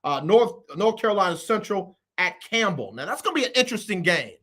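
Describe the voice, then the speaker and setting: Guy hosting a sports show, pretty high bright voice, says everything twice. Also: brisk. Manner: animated, repeats phrases, Southern US Black vernacular. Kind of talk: casual sports talk show picks.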